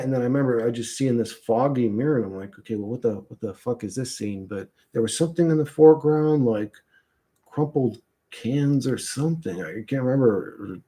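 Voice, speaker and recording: A man talks in a loose, rambling way, his sentences breaking off and starting again. He swears freely, pauses to gather himself, and reads comments aloud in the same relaxed voice. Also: mid-range voice. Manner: halting, swears often, trails off and restarts. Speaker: streamer recounting a vision. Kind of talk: rambling casual monologue, reading chat.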